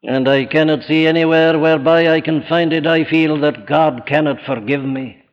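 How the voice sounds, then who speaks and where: A Welsh man preaches in a high voice, weighing each phrase slowly and emphatically before rising to impassioned peaks. The archival recording sounds muffled and dull, and his words ring out with a long reverb through a large church hall. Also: fairly even intonation. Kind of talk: sermon.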